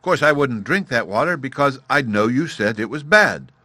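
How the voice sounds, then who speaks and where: A man voicing an excitable little cave girl in a storybook reading, eager and bubbly. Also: medium pitch, moderate pace, no room sound, voice pushed up. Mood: excited.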